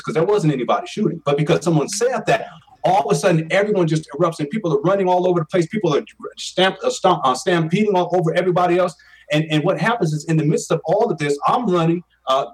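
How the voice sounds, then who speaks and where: A man's voice: fairly high pitch, breathy edge, distant mic, low-quality recording. A man in his forties telling a personal story as an interview guest, earnest and emphatic, often repeating his words. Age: 40s.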